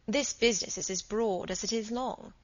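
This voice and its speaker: A woman reading as a smooth young doctor. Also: on the high side, moderate pace, natural voice. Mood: persuasive. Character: young, smooth, professional Edwardian doctor, a man. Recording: slightly dull recording.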